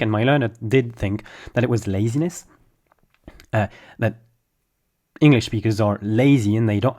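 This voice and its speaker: Male French native, French accent, lowish voice, relaxed teacher modeling words out loud. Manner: explains slowly, models words by repeating them. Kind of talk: casual spoken lesson.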